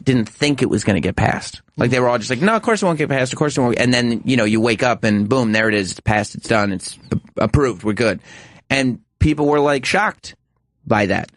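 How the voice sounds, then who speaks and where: Male talk radio co-host, conversational, average pitch, dry studio. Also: no echo. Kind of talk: casual radio interview.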